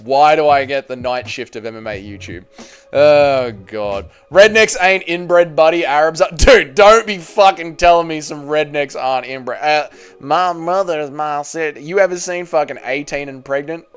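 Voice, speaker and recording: A man's voice: a little high, moderate pace, smooth, faint music behind. A man with an Australian accent hosting a live stream, reading chat aloud, swearing freely and teasing his viewers.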